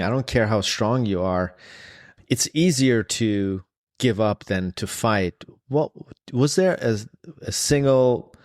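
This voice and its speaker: A man hosting an interview, asking long, winding questions full of restarts. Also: fairly low pitch. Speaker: podcast host. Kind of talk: interview conversation.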